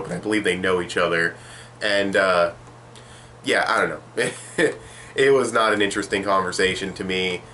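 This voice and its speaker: Low bright-voiced sarcastic young man. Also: slight background noise. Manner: rambling, sarcastic, swears casually. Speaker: manga reviewer. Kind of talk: casual video review.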